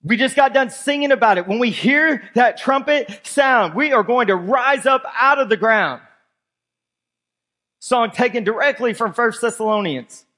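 A man's voice: extremely high pitch, animated, measured pace, bright, forceful tone. A male pastor preaching a sermon. He reads scripture aloud and talks emphatically as he walks his congregation through the verses.

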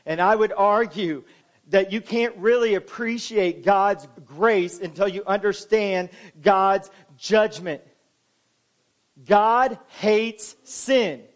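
A man preaching as pastor in a church, moving between soft, low passages and loud, emphatic ones. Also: slow. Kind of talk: sermon.

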